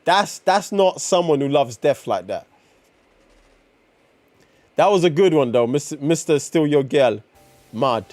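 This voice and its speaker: Male streamer, unhurried but exclaiming, lively pitch swings; comic reaction read. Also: dry recording, faint music behind. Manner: excitable, exclaiming, swearing, slangy.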